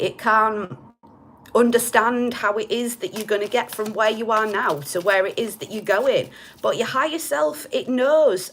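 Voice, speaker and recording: A woman with a light Hull accent giving a casual tarot reading to camera, chatty and blunt, swearing casually. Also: a little high. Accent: light Hull, East Yorkshire. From Hull, East Yorkshire. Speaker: tarot reader.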